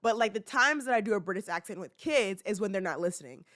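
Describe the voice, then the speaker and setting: A woman's voice: medium pitch, expressive, quick pace, a bit bright, dry recording, studio quality. A young woman in her twenties hosting a podcast, chatting casually and rambling with fillers and laughs. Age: 20s. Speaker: podcast host. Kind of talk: casual chat.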